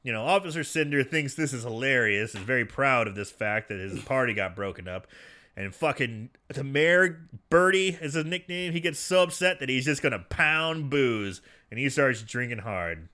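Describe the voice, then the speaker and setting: A man's voice: medium pitch, normal speed. A man casually recapping a movie on a podcast, acting out characters' lines and laughing often. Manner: animated storyteller, acts out lines, laughs often. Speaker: podcast co-host.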